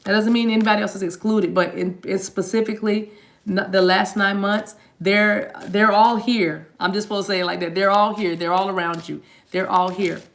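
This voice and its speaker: A woman's voice: medium pitch, level tone, brisk. Chatty woman giving a tarot reading. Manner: chatty, speaks straight to viewers, spiritual phrasing. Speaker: tarot reader. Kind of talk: live tarot reading to viewers.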